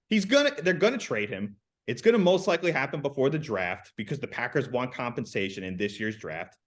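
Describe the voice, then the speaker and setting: A young man co-hosting a casual sports podcast, blunt and emphatic, swearing freely. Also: mid-range voice. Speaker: podcast co-host.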